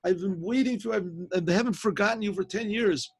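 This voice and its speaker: Old king, longing father, tender, husky, a bit raised, played by a male storyteller. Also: sits high, fairly quick, no echo, voice pushed up, full character voice.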